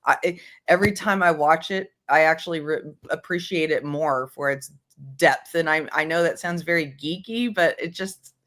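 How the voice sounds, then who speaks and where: A woman hosting a casual livestream book club, rambling with many fillers and restarts and tossing in words from other languages. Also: on the low side. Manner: jokingly drops bits of other languages.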